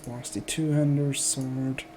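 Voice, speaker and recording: A man's voice: mid-range voice, flat delivery, takes it slowly, over music. A man streaming a video game, joking and thinking aloud as he plays. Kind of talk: casual let's play commentary.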